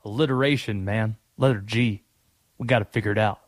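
A man's voice: lowish voice, steady tone, a little fast, dry recording, studio quality, pitched below the performer's own voice, natural voice. A man doing a hyped football coach impression. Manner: hyped, alliterative catchphrases. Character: gravelly excited male football coach impression.

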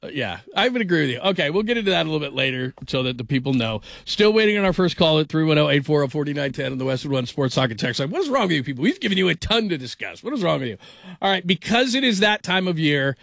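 A man hosts a sports talk radio show in a slightly higher voice, joking and rambling through stories. The sound is dry and close, like a radio studio. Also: fairly bright tone, no room sound. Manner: jokey, rambling storyteller. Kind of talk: casual sports radio chat.

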